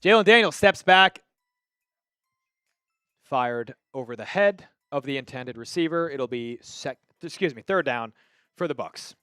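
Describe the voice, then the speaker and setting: This livestream host from Long Island, New York runs a football watch-party, casually narrating plays and reading out viewer chat. His medium-pitched voice is clear, resonant, pushed and bright, with lively intonation, a measured pace and long pauses. The studio-quality recording has no echo.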